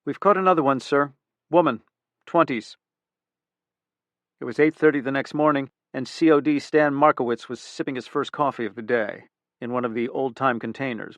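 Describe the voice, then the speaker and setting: A man's voice: medium pitch, vocal fry, fairly bright tone, dry recording. Man narrating a thriller, dry close voice. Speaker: audiobook narrator. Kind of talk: scripted narration.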